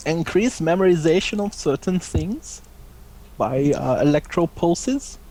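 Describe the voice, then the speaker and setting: A man voicing a deadpan mock German brain scientist on a call, with a put-on German accent and formal, stiff phrasing. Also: fairly high pitch, takes it slowly, slight background noise. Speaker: caller.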